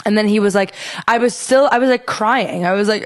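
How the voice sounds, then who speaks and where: A young woman talks in a loose, conversational way, winding through a story and breaking into laughter between sentences. Her voice sits at an ordinary middle pitch for a woman. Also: fairly quick. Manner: rambling storyteller who laughs often. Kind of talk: casual chat.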